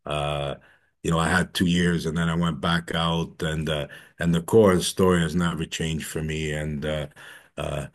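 A man with a very low, deep voice tells his own recovery story to a meeting. He speaks haltingly, with frequent fillers and false starts. He brings remembered conversations to life by quoting them. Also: flat delivery. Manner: halting, many fillers and restarts; acts out dialogue in quotes. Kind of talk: personal testimony talk.

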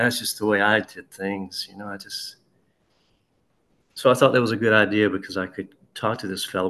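A man telling a personal recovery story in a halting, conversational way, with frequent restarts and asides. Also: fairly low pitch, fairly bright tone. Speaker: speaker sharing a recovery story. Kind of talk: personal testimony.

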